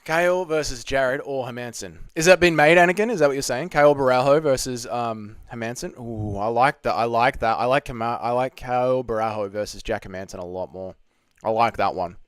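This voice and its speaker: A man's voice: medium pitch, brisk, smooth, dry recording, studio quality. Jokey man hosting a livestream Q&A. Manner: jokey, reads chat questions aloud and riffs on them. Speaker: livestream host answering chat. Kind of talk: casual livestream Q&A. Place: at home.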